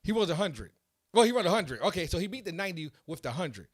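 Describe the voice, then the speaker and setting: A man hosting a casual podcast, telling a story in an excitable, animated way that builds to loud peaks. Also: sits high, quick pace, breathy edge, no room sound, clean studio sound. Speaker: podcast host.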